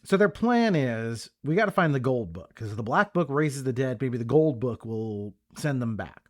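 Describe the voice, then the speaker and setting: A man guesting on a podcast, recapping movie scenes in a relaxed, chatty way with plenty of filler words. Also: medium pitch, normal speed. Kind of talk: casual movie discussion.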